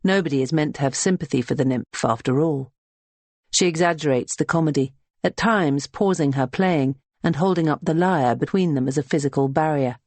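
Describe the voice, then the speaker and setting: An audiobook narrator reading a historical novel in a steady, even storytelling style. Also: medium pitch, moderate pace, no echo. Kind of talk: scripted narration.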